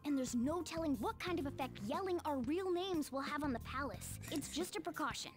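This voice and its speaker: An actress voicing a bossy, impatient talking cat creature who leads a band of thieves, heard as game audio. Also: female voice, fairly quick. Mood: explaining. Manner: high, lively, bossy and impatient. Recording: game audio with music under it.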